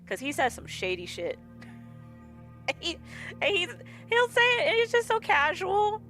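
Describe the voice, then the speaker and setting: A woman's voice: very high voice, wildly swooping pitch, a little slow, bright, forceful tone. A woman streamer chatting casually while she plays, laughing often and acting out the lines of others in her stories. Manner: chatty, laughs often, acts out quoted dialogue. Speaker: game streamer. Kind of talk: casual storytelling while gaming. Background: faint game music.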